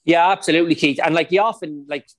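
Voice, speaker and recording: A man's voice: a little high, steady tone, quick pace, no room sound. Chatty Irish man telling stories. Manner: chatty, anecdotal, lots of "like" and "you know". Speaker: podcast guest, former footballer. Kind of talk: casual storytelling interview.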